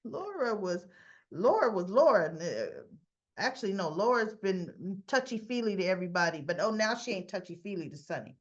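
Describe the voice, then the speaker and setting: A woman's voice: medium pitch, very animated, normal speed, muffled recording. A woman casually recapping a soap opera episode, retelling scenes in a chatty way with frequent restarts and asides.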